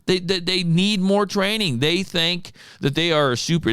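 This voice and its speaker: A man's voice: high voice, normal speed, few pauses, fairly bright tone, clean tone, dry recording, clean studio sound. A man hosting a firearms show, ranting indignantly about a local security contract and firing off rhetorical questions. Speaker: firearms instructor and show host. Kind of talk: fired-up solo commentary.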